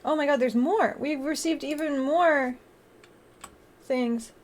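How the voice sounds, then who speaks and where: A woman's voice: high-pitched, slow, long pauses, a little mellow. A woman streamer chatting casually on a live stream, bubbly, often gasping and laughing as she thanks her viewers.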